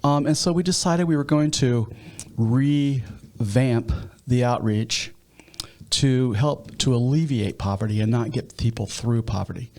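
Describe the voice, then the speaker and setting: A man's voice: medium pitch, a little slow, a little mellow. A man with a Midwestern American accent, a pastor who leads a nonprofit, telling stories in an interview with many restarts. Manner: storytelling, with frequent restarts. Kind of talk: interview conversation.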